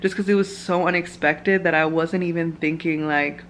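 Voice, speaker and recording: A woman's voice: sits low, steady tone, moderate pace, slight background noise. A young woman vlogging at home, telling a personal story in casual chat full of "like" fillers. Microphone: camera mic, filming herself.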